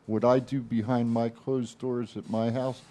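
A man's voice: mid-range voice, level tone, unhurried, mellow. An older man on a wrestling chat podcast, talking in a blunt, folksy, emphatic way. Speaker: panelist nicknamed Chief.

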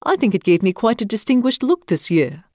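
A man's voice: high voice, sing-song, fairly quick, darkish tone, no echo, clean studio sound, voice pushed up. A man voicing a friendly, mysterious man at a Christmas party. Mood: kindly.

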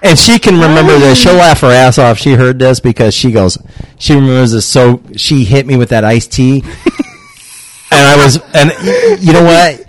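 A man's voice: mid-range voice, normal speed. A middle-aged man, a retired cop and dad, telling rowdy family stories with lots of laughter and swearing. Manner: laughing, profane, animated storyteller. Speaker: podcast guest, retired police officer dad. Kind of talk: casual storytelling chat.

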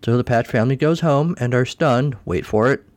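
A man's voice: mid-range voice, brisk, dry recording. A man hosting a podcast, recapping a cartoon special in a casual way with wry, sarcastic asides. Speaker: podcast host.

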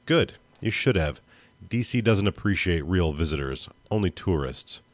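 A man's voice: low voice, lively intonation, normal speed, no room sound. Brief: a sly, poised female vampire, put on by a male reader, with a dry sound. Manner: soft, smooth and knowing.

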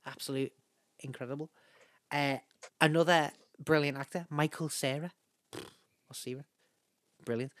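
A man co-hosting a podcast in casual, jokey chat, often trailing off quietly. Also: a little high, fairly even intonation, measured pace, pauses often, no room sound. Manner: jokey, trails off softly at ends of lines. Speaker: podcast co-host.

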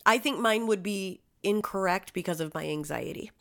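A woman on a true-crime podcast mic, half reading case notes and half chatting with a co-host. She talks in a loose, casual way and drops curse words into her asides. Her voice sits at a middling pitch. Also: normal speed, vocal fry, fairly bright tone. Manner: reads case details then swears and riffs.

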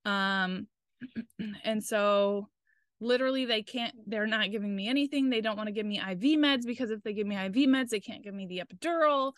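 Recorded clean in a studio with no echo, a young woman with a medium-pitched voice speaks at a moderate pace. As a podcast co-host she's casual and candid, swearing freely while telling a personal story and quoting the people in it.

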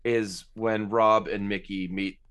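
A man's voice: fairly low pitch, little pitch movement, takes it slowly, fairly bright tone, clean tone. Easygoing man chatting on a podcast. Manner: easygoing, laughs along, steers the talk. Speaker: podcast co-host. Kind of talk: casual podcast chat.

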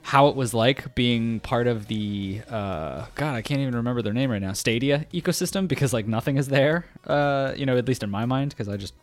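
A man's voice: mid-range voice, a little fast, few pauses, faint music behind. A man co-hosting a podcast, chatting in a laid-back way with lots of fillers and laughs. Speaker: podcast co-host. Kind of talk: casual chat.

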